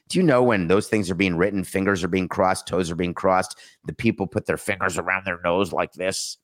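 A man's voice: lowish voice, fairly bright tone. A middle-aged man hosting a sports talk show, commenting casually with sarcastic, mocking asides. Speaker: sports talk podcast host.

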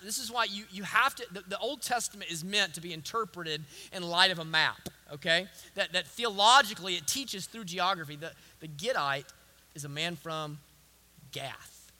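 A young man preaches a sermon, dropping to a near-hush and then rising to loud, emphatic declarations. His voice sits high for a man and sounds very bright and cutting. He often repeats words and restarts phrases as he drives a point home. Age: young adult. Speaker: pastor.

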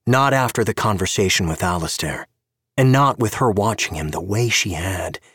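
A man giving an expressive scripted narration of an audio story. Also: fairly low pitch, normal speed, husky, dry recording, studio quality.

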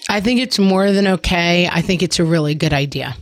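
A woman's voice: lowish voice, fairly quick, no echo. A middle-aged woman co-hosting a casual parenting chat, talking in a chatty way full of "like" fillers. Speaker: podcast co-host.

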